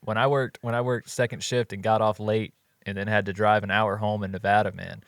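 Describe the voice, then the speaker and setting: A man's voice: fairly low pitch, flat delivery, brisk, no echo, studio quality. A man co-hosting a podcast, chatting in a laid-back way and reading an ad. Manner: laid-back, chatty, says "you know" a lot. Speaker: podcast co-host. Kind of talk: casual chat with ad read.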